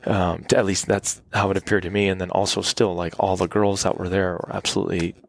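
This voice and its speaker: A man's voice: sits low, flat delivery, quick pace, vocal fry, no echo. A middle-aged man, a podcast guest in a cabin, telling long rambling anecdotes in a casual interview and acting out the people he quotes.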